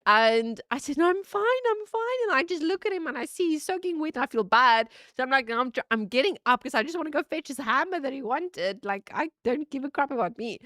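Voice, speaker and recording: A woman in her thirties streaming from home, telling a story in an animated way, laughing and swearing. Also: no room sound, clean studio sound. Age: 30s. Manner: animated, laughing, swearing, lively pitch jumps. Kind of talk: casual storytelling chat.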